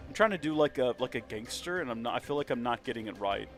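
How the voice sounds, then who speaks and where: A man's voice: medium pitch, animated, quick pace, few pauses, faint music behind. A man streaming a video game, chatting casually in a rambling, joking, self-mocking way. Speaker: let's play streamer.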